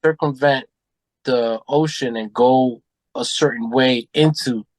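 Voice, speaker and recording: A man's voice: mid-range voice, slow pace, dry recording. Guy on a podcast telling wild stories, does all the voices, cusses a lot, dead dry mic. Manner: animated, acts out quotes, swears freely. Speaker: podcast guest. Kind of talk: casual storytelling.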